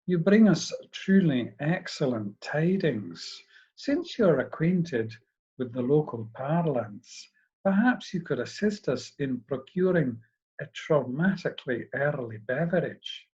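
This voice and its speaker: A man's voice: fairly high pitch, very animated, takes it slowly, darkish tone, slightly rough, highs cut off, heavily acted. A man voicing an educated, ironic Scotsman of about fifty, who speaks with careful, formal wording. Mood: dryly ironic.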